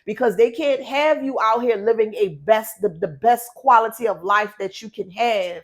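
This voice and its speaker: Woman tarot reader, fairly high voice, blunt emphatic delivery, repeats herself. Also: moderate pace. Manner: emphatic and blunt, repeats words, swears for stress. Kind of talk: spoken tarot reading to viewers.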